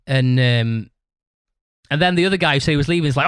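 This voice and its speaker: A man's voice: on the high side, quick pace, a bit bright, clear, resonant tone, no echo, studio quality. A man hosting his own podcast, telling a long story in a blunt, rambling way with a lot of swearing. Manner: blunt, heavily profane, rambling with restarts. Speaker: podcast host. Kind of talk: casual storytelling monologue.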